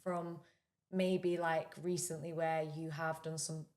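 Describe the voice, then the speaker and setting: A woman hosts a casual podcast interview in a slightly low voice. She is chatty and encouraging. She keeps affirming what her guest says. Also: little pitch movement, takes it slowly, a little mellow. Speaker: podcast host.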